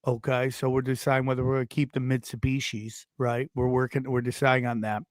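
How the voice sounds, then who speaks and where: A man's voice: medium pitch, fairly quick, no room sound, studio quality. A man co-hosting a comedy podcast, telling a story in casual chat and putting on voices for the people in it. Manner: animated, puts on voices for people in his stories. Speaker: podcast co-host.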